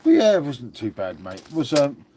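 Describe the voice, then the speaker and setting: A man's voice: mid-range voice, huge pitch swings, normal speed, mellow, slight background noise. A man from England hosting a casual live stream from home, rambling and calling viewers "mate". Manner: rambling, repeats "mate" and "shall we say". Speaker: livestream host. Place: at home indoors.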